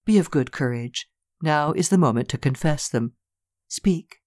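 Brief: reader playing an old priest, gentle and solemn, dry and close. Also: medium pitch, expressive, a little slow, dry recording, close to an everyday voice. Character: aged gentle male priest.

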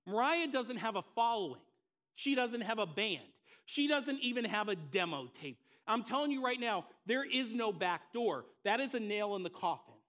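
A man preaching a sermon, telling a story with emphatic, repeated phrases and dropping soft at the low moments. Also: very animated, moderate pace. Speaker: pastor.

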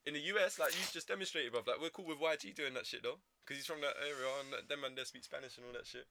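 A man's voice: medium pitch, quick pace, vocal fry, background noise. A young man chatting casually in slang-heavy banter, often laughing. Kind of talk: casual podcast chat.

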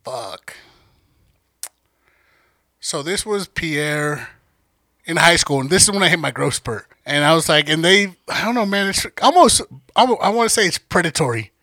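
Gravelly, bright-voiced man telling a rowdy story. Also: fairly high pitch, normal speed, long pauses, dry recording, studio quality. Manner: animated, acts out quotes, laughs often. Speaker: podcast guest storyteller. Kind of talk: casual profane storytelling.

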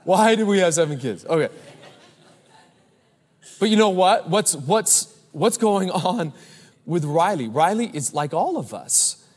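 A man in his thirties preaching a sermon as pastor, animated, telling stories and calling out to the congregation. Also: high-pitched, measured pace, long pauses, breathy edge. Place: large church. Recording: live church hall with long reverb.

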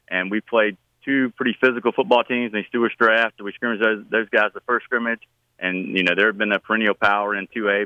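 A middle-aged man, a high school football coach, answering radio interview questions in a relaxed, plain-spoken way with many fillers and restarts. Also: no room sound, highs cut off.

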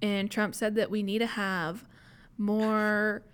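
A woman's voice: mid-range voice, flat delivery, slow pace, clean tone. A young woman co-hosting a podcast in casual chat, dropping wry jokes. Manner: joking, wry asides. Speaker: podcast co-host.

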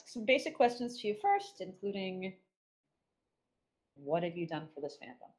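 A woman's voice: mid-range voice, big pitch swings, normal speed, darkish tone. A woman hosting a casual podcast, crude and self-mocking, swearing freely. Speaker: podcast host.

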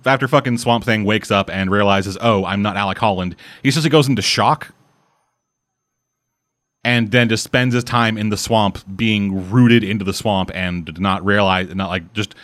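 A man's voice: on the low side, no echo. A man casually recapping a comic book storyline, swearing freely and slipping into character voices. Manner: profane, animated retelling with put-on character voices.

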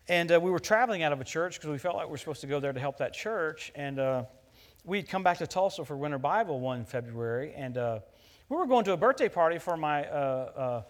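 A middle-aged man from the United States preaching a sermon, telling stories in an animated way that turns loud at the punchlines. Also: a little high. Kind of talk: sermon with personal story.

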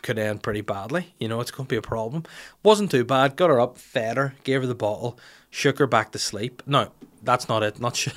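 A man's voice: mid-range voice, quick pace, a bit bright. A man, telling a rambling, jokey, self-mocking story in casual chat. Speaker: podcast host telling an anecdote.

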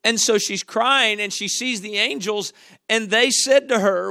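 A man preaching a sermon, dramatic and full of rhetorical questions, dropping to a hush and then rising loud again. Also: sits high, normal speed, creaky, no echo.

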